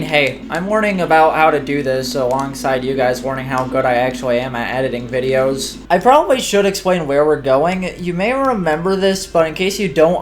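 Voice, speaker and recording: A man's voice: a little high, slight background noise. Chatty man rambling over gameplay. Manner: chatty, rambling, self-deprecating. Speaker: gaming YouTuber. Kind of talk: casual gameplay commentary. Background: faint game music.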